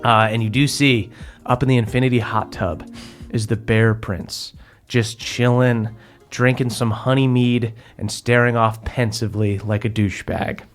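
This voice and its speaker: A man serving as game master, narrating a tabletop game in a relaxed, jokey way with frequent fillers. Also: mid-range voice, moderate pace, faint music behind. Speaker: game master and podcast host.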